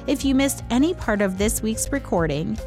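A woman hosting a devotional podcast, reading a script in a calm, measured way. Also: a little high, music in the background. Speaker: host.

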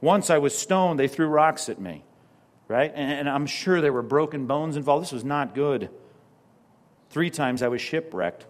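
A middle-aged man preaching a sermon as pastor, animated, with sudden drops to a hush and mocking asides. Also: fairly high pitch, unhurried.

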